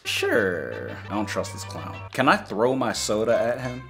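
A man in his twenties from Los Angeles narrates a game roleplay in an excitable, jokey way, and his voice leaps wildly up and down as he yelps and shouts. His tone is bright and forceful. Faint music plays in the background. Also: fairly low pitch, a little slow. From Los Angeles, USA. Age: 20s. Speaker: YouTuber narrating gameplay. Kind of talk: energetic game roleplay commentary.

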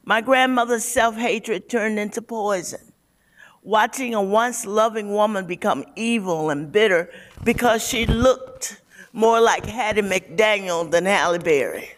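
A woman reading her own personal essay aloud in an unhurried, reflective way. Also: medium pitch. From United States. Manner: unhurried, reflective reading with occasional soft laughs. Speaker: community writer.

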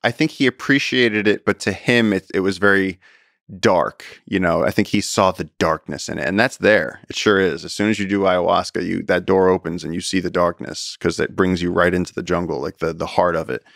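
Deep-voiced man telling stories. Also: a little fast, gravelly, no room sound, studio quality. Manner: animated, repeats words as he talks. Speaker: podcast guest, conservationist and explorer. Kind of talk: casual storytelling conversation.

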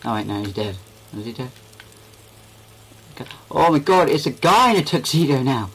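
A man's voice: medium pitch, very animated, moderate pace, fairly bright tone, a little hiss or hum, poor audio. A young man giving goofy, rambling commentary while playing a game. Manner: goofy, rambling, talks to himself. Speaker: gaming video creator.

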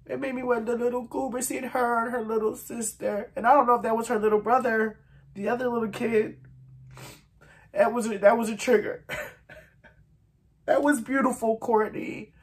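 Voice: medium pitch, flat delivery, moderate pace, pauses often. A music reaction vlogger in casual chat, emotional and close to tears, gushing and laughing between sentences.

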